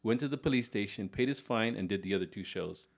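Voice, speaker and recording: A man on a casual podcast telling a local history story, stringing it along in a relaxed, rambling way. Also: lowish voice, fast, gravelly. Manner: relaxed, rambling retelling with restarts and "so". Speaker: podcast co-host.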